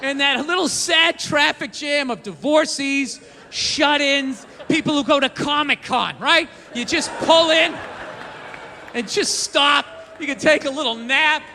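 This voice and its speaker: Angry standup guy yelling and cursing, real high bright voice, faint noise behind. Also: unhurried, big-room sound, a faint crowd. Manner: angry ranting, swearing, shouting bursts. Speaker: stand-up comedian. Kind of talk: stand-up comedy routine. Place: comedy stage before a laughing audience.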